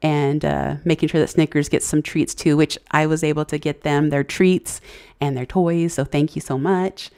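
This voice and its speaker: A woman hosting a casual live stream, halting and searching for words, thanking viewers as she reads the chat. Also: deep voice, steady tone, warm tone. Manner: halting, many fillers and restarts, searching for words; grateful, effusive thanks to viewers. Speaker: livestream host.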